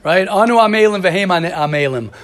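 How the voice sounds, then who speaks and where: Brief: male class teacher, animated storyteller, slightly high voice, casual lecture delivery. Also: a little fast. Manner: animated storyteller, addresses students by name. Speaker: teacher of a religious study class.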